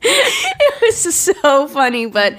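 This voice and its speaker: A woman co-hosting a podcast, telling stories in casual chat and acting out the quotes in a higher voice. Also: slow, dry recording. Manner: animated storytelling, acts out quotes in a high voice. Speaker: podcast co-host.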